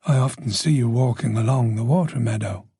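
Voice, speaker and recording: For an audiobook, a man voices an observant, chatty older woman with a faint Dublin accent who gossips, teases and talks on quickly. His own voice is mid-range, mellow and husky, captured in a dry, studio-quality recording.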